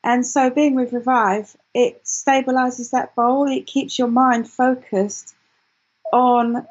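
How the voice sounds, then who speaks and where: A woman guest in an interview, telling her story in an animated way with many restarts. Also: a little high, slow, slightly rough, lo-fi sound. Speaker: guest, client. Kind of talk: interview chat.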